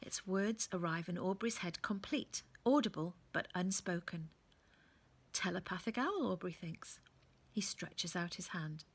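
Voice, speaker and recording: A woman reading a children's book aloud in a gentle, often hushed storytelling manner. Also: lowish voice, a little slow, slightly rough.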